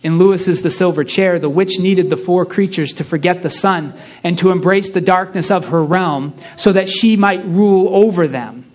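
A man preaching a sermon, reading a story aloud with slow, hushed emphasis on key lines. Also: high-pitched.

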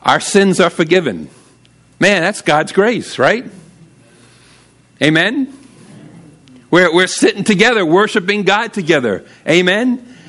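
A man preaching a sermon in a church, animated, asking the congregation for amens and breaking into sudden shouts. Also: sits high, takes it slowly, long pauses. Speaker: pastor. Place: church sanctuary.

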